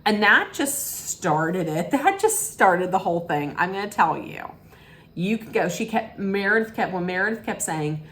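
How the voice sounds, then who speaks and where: A woman's voice: fairly low pitch, expressive, measured pace. A woman recapping a reality show in a casual, gossipy way, rambling through the story and acting out what people said. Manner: rambling storytelling, acts out quotes.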